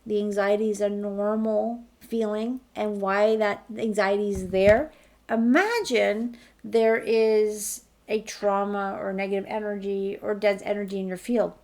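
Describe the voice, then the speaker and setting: Woman, healer type, gentle and reassuring, slight vocal fry, mid pitch. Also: fairly even intonation. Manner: gentle, reassuring, slow guiding delivery. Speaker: spiritual healer leading a group healing call. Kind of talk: guided healing talk.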